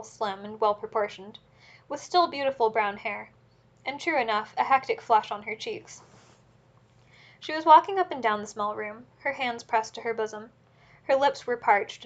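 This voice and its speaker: A woman narrating a classic novel as an audiobook in a steady, measured reading. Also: a little high, dull audio.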